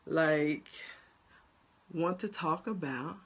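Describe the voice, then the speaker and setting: A New Jersey woman with a local accent, working as a life coach, talks bluntly and casually to viewers on a livestream. Her deep, husky voice moves extremely slowly over a lo-fi recording. She's animated, speaks straight to the audience, and laughs often.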